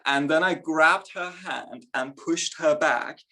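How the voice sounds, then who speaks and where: A man's voice: on the high side, slow pace, pushed and bright. A young man performing a stand-up comedy set, chatty and self-mocking, laughing between his lines. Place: live comedy event on stage.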